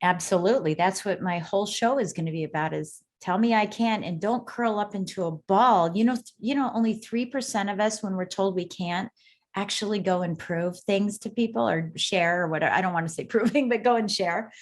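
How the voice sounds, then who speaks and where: A middle-aged woman, a guest on an interview podcast, telling her story in an emphatic, animated way. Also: medium pitch, a little fast. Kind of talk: casual interview conversation.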